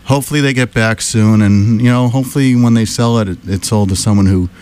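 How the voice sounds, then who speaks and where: A man's voice: fairly low pitch, fast, darkish tone, clear, resonant tone. A man, a guest on a radio show, who is out of breath and chats enthusiastically about news and food. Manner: chatty, enthusiastic storytelling. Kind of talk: casual radio chat.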